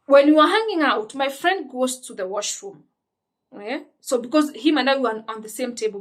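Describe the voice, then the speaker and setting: A young woman with a Kenyan accent telling a personal story in an emphatic, indignant way, often restarting her sentences. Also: high-pitched. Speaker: vlogger. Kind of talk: storytime monologue.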